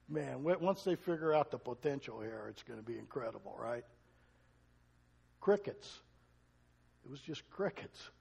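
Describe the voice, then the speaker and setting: A man's voice: medium pitch, animated, moderate pace, gravelly, long pauses, warm tone, breathy edge, long reverb tail. A male pastor preaching a sermon, talking to the congregation in a conversational way and asking it questions.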